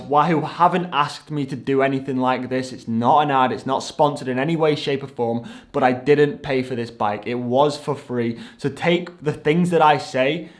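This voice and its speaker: Chatty man vlogging. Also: mid-range voice. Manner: chatty, self-deprecating, rambling asides. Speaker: cycling YouTuber. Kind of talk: casual vlog narration and race commentary.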